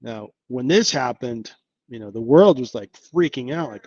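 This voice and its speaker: Man, live-stream host, casual and upbeat, rambling fillers, mid-pitched, dry close sound. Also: expressive, unhurried, a little mellow, dry recording, dull audio. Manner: chatty, upbeat, thinks aloud with many fillers. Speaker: investing channel host.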